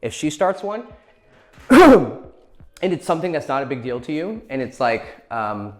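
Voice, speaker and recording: A man's voice: fairly high pitch, sing-song, measured pace, soft background music. A man giving blunt, profane dating advice in a casual lecture, acting out quoted lines as he goes.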